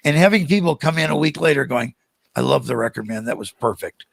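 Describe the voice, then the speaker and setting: An older American man, a podcast guest, telling animated stories and acting out the voices of the people in them. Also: a little high, fairly quick, gravelly, dry recording. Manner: animated, acts out quoted voices. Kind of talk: storytelling in a podcast interview.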